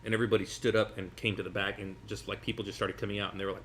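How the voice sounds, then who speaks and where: A man, a magician guest, telling stories in casual chat over food, rambling and animated with many restarts. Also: fairly low pitch, rapid-fire, slight background noise. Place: sitting at a table over food.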